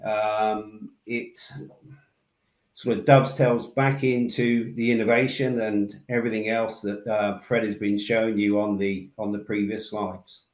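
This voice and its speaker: An Englishman with a Somerset West Country accent giving a relaxed, rambling webinar presentation over a video call, with fillers and restarts. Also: lowish voice, measured pace, roomy sound. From England. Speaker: building technologies manager presenting a webinar.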